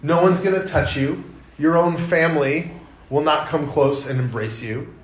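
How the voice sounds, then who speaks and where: A man in his thirties preaching a sermon, conversational and animated when telling stories. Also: fairly high pitch, normal speed. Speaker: pastor. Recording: echoey room.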